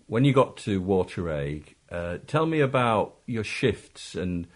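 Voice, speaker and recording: A man's voice: deep voice, very animated, unhurried. A man interviewing a former miner, probing and asking him to explain terms plainly for listeners. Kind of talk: oral history interview.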